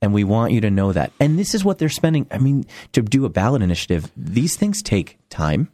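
A man's voice: on the low side, big pitch swings, brisk, warm tone, no room sound. A man co-hosting a casual comedic chat, wry and sarcastic, laughing often as he talks. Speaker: co-host.

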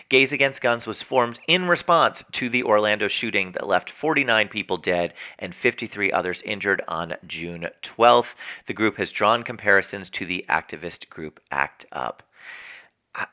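Bright-voiced man giving opinionated news. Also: fairly low pitch. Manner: chatty, editorializing, animated. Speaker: news show host.

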